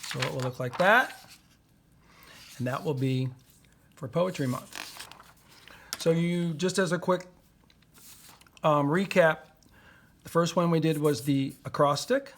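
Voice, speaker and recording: A man's voice: on the high side, slow, long pauses, a bit bright. A man teaching a poetry lesson to young children, patiently sounding out words and syllables.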